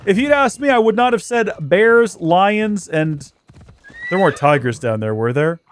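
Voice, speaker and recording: Lively high-voiced gamer guy. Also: a little slow, slight background noise. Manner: chatty, joking, self-mocking. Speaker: let's play host. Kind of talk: gameplay commentary.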